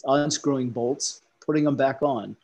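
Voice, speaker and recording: A man in a casual podcast conversation, telling animated stories and jumping from topic to topic. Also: mid-range voice, measured pace, lo-fi sound. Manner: animated storyteller who jumps between topics.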